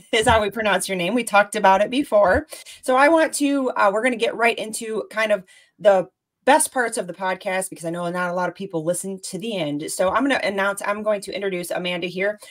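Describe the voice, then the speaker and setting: A woman in her forties hosting a casual podcast interview, bubbly and effusive, with plenty of fillers. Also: medium pitch. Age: 40s. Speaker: podcast host.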